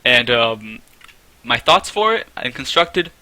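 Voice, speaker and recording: Very bright-voiced man reviewing game cards. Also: mid-range voice, sing-song, slow. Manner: chatty, self-correcting, rates things out of ten. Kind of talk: casual game card review.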